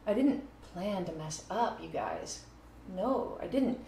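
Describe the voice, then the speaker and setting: A woman with a slightly low voice explains her own playing in a relaxed video lesson. She breaks into counting and scatting to show rhythms. The room around her is echoey, with a faint hiss of noise. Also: slow pace, vocal fry. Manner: counts beats and scats phrases aloud. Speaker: music teacher.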